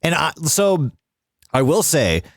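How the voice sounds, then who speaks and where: A man's voice: a little high, gravelly, no room sound, clean studio sound. A man co-hosting a podcast, chatting casually and joking along with the others. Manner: jokey, animated, quick to laugh along. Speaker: podcast co-host. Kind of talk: casual chat.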